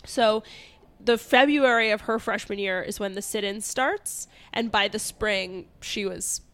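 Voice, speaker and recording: A woman's voice: mid-range voice, measured pace, a bit bright. A young woman co-hosting a comedy podcast, chatting casually, laughing and trailing off mid-sentence. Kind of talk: casual chat, retelling history.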